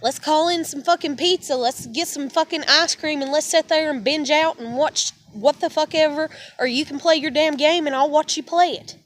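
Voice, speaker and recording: A woman's voice: sits high, moderate pace, hardly any pauses. A woman venting in a heated, profane, rambling monologue. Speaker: vlogger.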